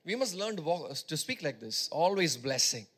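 A male preacher with a high, bright, forceful voice. He preaches emphatically and repeats key lines for stress. His delivery moves from hushed teaching to ringing exhortation. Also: big pitch swings, moderate pace. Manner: emphatic, repeats phrases for stress, swings between loud exhortation and quiet teaching. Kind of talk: sermon.

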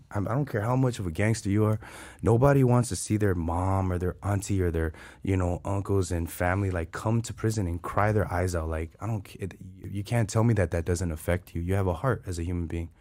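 A man's voice: sits low, darkish tone, dry recording. A man telling his life story to an interviewer in casual street slang, earnest and emotional, often calling the listener bro.

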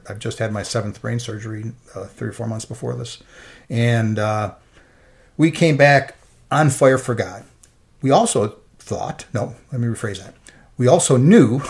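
A middle-aged man, an interview guest, giving an earnest and emotional personal faith testimony. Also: medium pitch.

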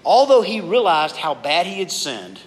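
Man preaching to young people, slightly high voice, relaxed and chatty, long echo of a hall. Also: moderate pace. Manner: casual, animated preaching, often addresses listeners as "guys". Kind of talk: conversational sermon to a youth group. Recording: reverberant hall with faint background noise.

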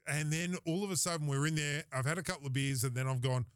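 An Australian man hosting a podcast, telling a story in a casual, animated way, often laughing and acting out what people said. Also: fairly high pitch, fast, smooth, no echo, studio quality. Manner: animated, laughing storyteller who acts out quoted lines. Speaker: podcast host.

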